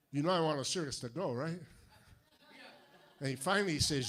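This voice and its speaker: An older man with a New England accent works through a stand-up set, landing deadpan one-liners with tight, punchy timing. His voice sits a touch higher than most men's. Laughter from the audience breaks in between jokes. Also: moderate pace, pauses often. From Fall River, Massachusetts. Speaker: stand-up comedian. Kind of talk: stand-up routine.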